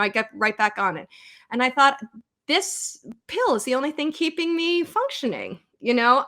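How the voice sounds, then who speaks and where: Bright, fairly high American woman in her thirties, a psychologist guest telling a personal story candidly. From United States. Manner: candid, conversational, quotes her own thoughts. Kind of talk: podcast interview.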